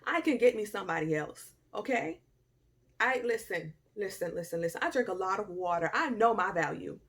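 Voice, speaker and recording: A young woman telling a personal story to camera in a casual, animated way, with loud outbursts, quiet murmurs and slangy asides. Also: medium pitch, brisk. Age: young adult. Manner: informal Southern-style slang and asides. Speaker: storytime vlogger.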